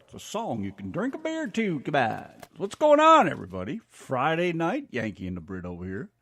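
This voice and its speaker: A man hosting a casual radio show, energetic and joking. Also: mid-range voice, normal speed.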